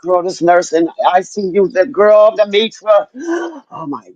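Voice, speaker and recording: Woman on a video call, a loud, laughing storyteller with a swooping voice and dull, dry audio. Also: medium pitch, measured pace, no room sound. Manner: animated, laughing, profane storyteller. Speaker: guest recovering at home. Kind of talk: casual chat.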